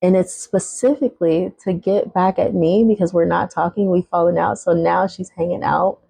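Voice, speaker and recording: A woman's voice: fairly low pitch, steady tone, moderate pace, creaky, dark tone, husky, rough recording. A woman in her thirties telling viewers a personal story time in a blunt, casual way, swearing freely as she talks to them directly.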